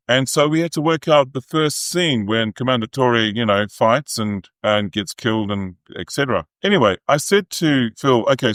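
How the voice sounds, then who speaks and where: Kiwi opera guy, lowish voice, acts out quotes in his stories, dry sound. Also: dry recording. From New Zealand. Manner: lively anecdotes with acted-out quotes. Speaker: guest opera singer. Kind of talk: animated storytelling.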